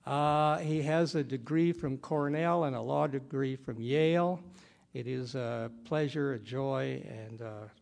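A man acting as conference moderator, giving a measured, courteous introduction of the next speaker. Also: medium pitch, creaky, a little mellow.

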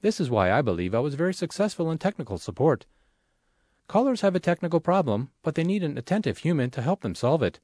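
A man reads magazine articles aloud for an audio magazine, a scripted narration that is clear and measured. His sing-song, darkish voice moves widely in pitch, giving the reading lots of life, and the recording is dry and close with no room echo.

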